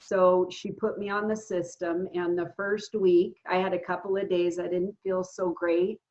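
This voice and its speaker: A woman in her fifties telling her own recovery story in a casual, earnest way, often pausing with fillers and restarting her sentences. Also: lowish voice, level tone, a little mellow. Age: 50s. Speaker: guest sharing a recovery story. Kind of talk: casual spoken testimony. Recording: dull lo-fi sound.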